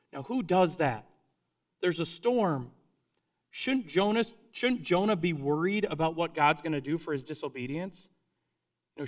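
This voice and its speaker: Earnest preacher with a slightly high voice. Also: male voice, fairly bright tone. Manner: earnest, conversational, with restarts. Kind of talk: sermon.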